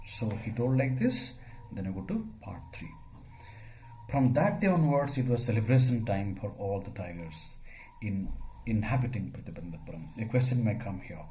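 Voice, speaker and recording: A man, teaching a story as a lecture. He asks questions and answers them himself, using many fillers, and his voice gets suddenly louder at times. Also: on the low side, lively intonation, moderate pace, poor audio.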